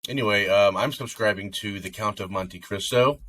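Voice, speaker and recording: A man's voice: lowish voice, moderate pace, sharp tone. A man co-hosting a podcast, chatting casually about movies, rambling with lots of fillers. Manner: rambling, filler-heavy, breaks into sung snippets. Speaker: podcast co-host. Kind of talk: casual chat.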